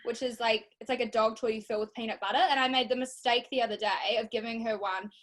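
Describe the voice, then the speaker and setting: A young woman, a guest in casual chat, telling stories in an animated, expressive way. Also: fairly high pitch, quick pace. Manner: animated, expressive storytelling with laughs.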